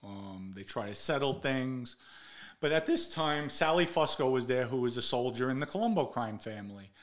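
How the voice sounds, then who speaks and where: A blunt older man tells street stories in a casual monologue. He swears freely and talks in a middle-pitched voice, getting loud and sharp whenever he acts out what someone said. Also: lively intonation, moderate pace. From the Bronx, New York. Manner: blunt, profane, acts out quotes in a raised voice. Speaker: show host telling stories.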